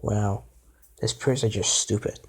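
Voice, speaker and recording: A man's voice: fairly low pitch, fairly even intonation, moderate pace, slightly rough. A man vlogging his reactions to a news clip, exclaiming and talking back at it indignantly. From Canada. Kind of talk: casual reaction commentary.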